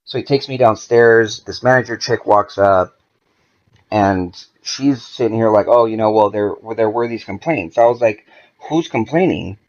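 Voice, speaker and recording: Gravelly-voiced man telling a story. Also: on the low side, normal speed, lo-fi sound. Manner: profane, animated, acts out quoted dialogue. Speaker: podcast guest. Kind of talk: casual storytelling.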